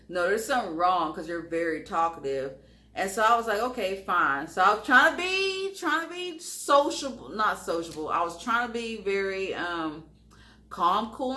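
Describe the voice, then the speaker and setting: A young woman telling a casual storytime vlog, animated and acting out the quoted lines with lots of "like". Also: fairly low pitch, echoey room.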